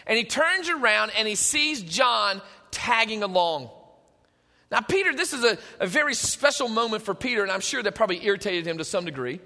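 A man preaching a sermon in a conversational way, moving between hushed and emphatic, in a church hall with long reverb. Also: high voice.

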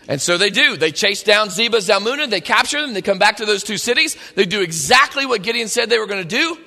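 Bright, high-voiced male preacher. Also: quick pace, gravelly, few pauses. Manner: animated, conversational storytelling. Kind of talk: sermon. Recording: long hall reverb.

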